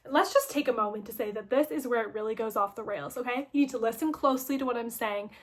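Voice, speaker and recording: A woman's voice: a little high, fast talker. A young woman casually recapping a story, chatty, with "like" in nearly every sentence. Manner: chatty, filler-heavy with constant "like".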